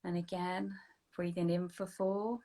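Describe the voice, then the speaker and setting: A woman with a fairly low voice talks listeners through a guided meditation. She keeps a slow, soothing pace and now and then sinks into a hushed whisper. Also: level tone. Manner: slow, soothing guiding voice that drops to a soft whisper. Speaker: energy healing practitioner. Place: online video session.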